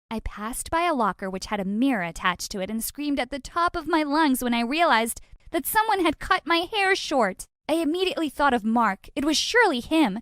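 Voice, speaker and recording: A woman tells an animated storytime with sassy, dramatic flair and plenty of exclamations. Her voice sits fairly high. The recording is dry and close, with no room sound. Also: brisk, no echo.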